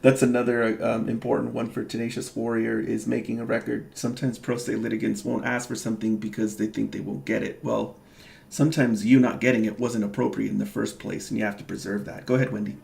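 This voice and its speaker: A man with a very gravelly voice making brief, low-key remarks on a casual video panel. He speaks at an ordinary middle pitch. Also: flat delivery, fairly quick, darkish tone.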